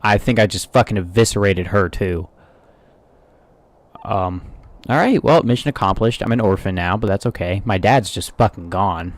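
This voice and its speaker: A man's voice: lowish voice, moderate pace, no echo. A man in casual let's-play commentary, joking, swearing and muttering reactions on a close microphone. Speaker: gaming streamer.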